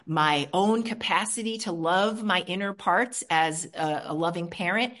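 A woman from Queens, New York, candidly sharing her personal recovery story at a support meeting, animated and shifting between soft and lively. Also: lowish voice, unhurried.

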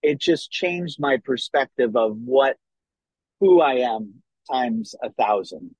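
A man telling his own recovery story in an earnest, halting way, often restarting his sentences. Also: mid-range voice, expressive, darkish tone, husky, no room sound. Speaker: person sharing a recovery story. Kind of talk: personal testimony. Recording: dull, dry lo-fi recording.

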